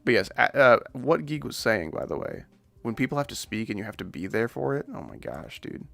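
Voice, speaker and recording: A man's voice: mid-range voice, very animated, brisk, gravelly, fairly bright tone, soft background music. A man streaming casual gaming commentary, rambling and joking at his own expense. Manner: rambling, jokey, self-deprecating.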